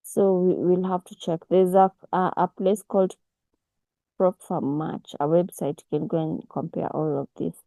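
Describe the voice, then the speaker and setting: A woman leads a relaxed online trading class over a video call. Her voice sits low and gravelly, with a very dark, mellow tone. The recording is dry and close. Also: no room sound, low-quality recording. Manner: unhurried, with many restarts and fillers. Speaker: forex mentor.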